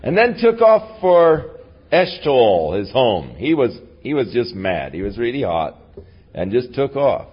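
A man's voice: medium pitch, sing-song, a little slow, husky, muffled recording. A man teaching a Bible lesson as a folksy, conversational retelling. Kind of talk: casual Bible lesson storytelling.

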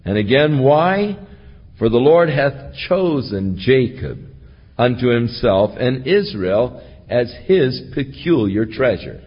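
Pastor, male, husky and unhurried, lively pitch, verse-by-verse preaching, dull recording with long reverb. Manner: reads scripture aloud, then explains it verse by verse. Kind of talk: expository sermon.

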